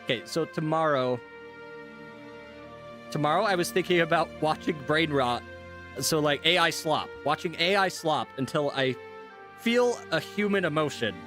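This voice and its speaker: A man with a slightly high voice chats loosely with his stream audience, rambling from one thought to the next. Soft guitar music plays faintly behind him. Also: lively intonation, normal speed, pauses often. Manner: rambling, easygoing, talks to chat. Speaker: streamer and voice actor. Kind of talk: casual live-stream chat.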